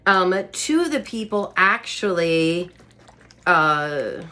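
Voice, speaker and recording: A woman's voice: on the low side, very animated, takes it slowly, sharp tone. A woman hosting a home cooking vlog, chatting to her viewers while cooking in her kitchen and laughing often. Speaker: cooking show host.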